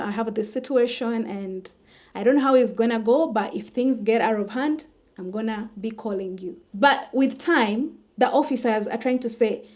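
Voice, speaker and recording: A woman, a vlogger telling a personal story in an animated way and acting out the dialogue. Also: on the high side. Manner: animated retelling that acts out the dialogue.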